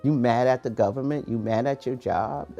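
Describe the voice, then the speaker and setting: A man hosting a morning podcast, giving a preachy, animated motivational talk in street-casual phrasing. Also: medium pitch, moderate pace, creaky, dull audio, faint music behind. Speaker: podcast host, motivational coach.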